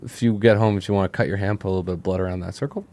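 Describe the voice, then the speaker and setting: Deadpan low-voiced podcast host. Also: male voice, rapid-fire, no room sound. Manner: deadpan, offhand delivery of dark jokes. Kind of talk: comedic improv chat.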